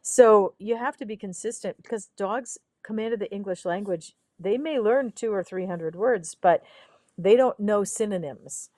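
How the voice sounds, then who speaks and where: A woman's voice: mid-range voice, darkish tone, no room sound. Explanatory woman co-host, dry sound. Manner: practical, explanatory, quick to laugh. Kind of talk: casual podcast chat.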